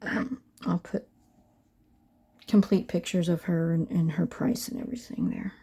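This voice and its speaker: A woman's voice: on the low side, measured pace, gravelly, dark tone, slightly rough. A middle-aged woman in a casual crafting vlog, talking to viewers as she paints a doll and often dropping to a half-whisper. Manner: chatty, often drops to a half-whisper while working. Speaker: reborn doll artist.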